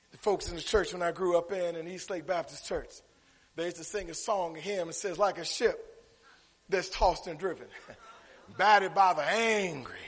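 Pastor preaching, high voice, hollers back at the congregation, big echoey church. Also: male voice, breathy edge. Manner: call-and-response preaching, rising to shouts. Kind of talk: sermon. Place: church sanctuary. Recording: long reverb of a church hall.

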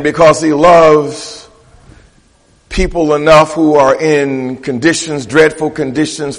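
A man preaching a sermon, pressing his points by repeating phrases and calling out to the congregation. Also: a little high. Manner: emphatic, repeats phrases for effect. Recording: echoey hall reverb.

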